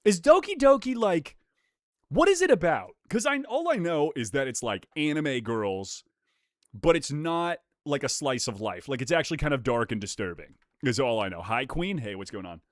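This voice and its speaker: A young man in his twenties streaming casual chat while opening trading card packs, excitable and swinging from mumbled asides to loud hyped yells. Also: a little high, normal speed, dry recording, studio quality.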